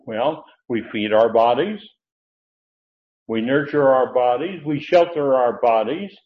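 A man's voice: medium pitch, a little slow. A man preaching an expository sermon, teacherly, lifting his voice to stress key words. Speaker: pastor. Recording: tinny phone-like audio.

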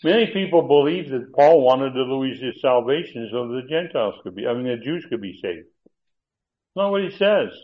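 A man's voice: mid-range voice, a little fast, hardly any pauses. A man teaching an expository sermon on Bible passages, emphatic and stressing key words, with asides and restarts. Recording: tinny phone-like sound.

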